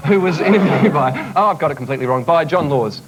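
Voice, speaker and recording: A man's voice: on the high side, animated, quick pace. A man on a comedy panel, joking and correcting himself as he goes. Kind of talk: casual comic banter. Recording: noisy old TV recording with loud studio audience.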